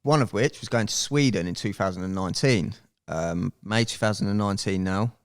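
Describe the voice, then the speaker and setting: A man in a relaxed podcast chat, with a fairly low voice. He tells his story in an animated way and swears freely. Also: a little fast, smooth. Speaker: podcast guest. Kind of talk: casual storytelling.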